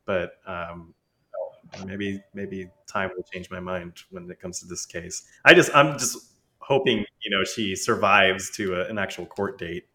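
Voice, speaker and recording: A man's voice: deep voice, unhurried, bright, forceful tone. A man hosting a podcast in a casual group chat, talking loosely with many fillers. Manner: laid-back, many fillers. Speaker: podcast host.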